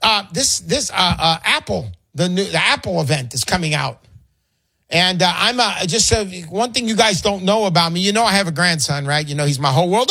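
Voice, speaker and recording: Lively high-voiced older male radio host. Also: fairly quick, gravelly, no room sound, clean studio sound. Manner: chatty, emotional, frequent fillers. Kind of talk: radio call-in show.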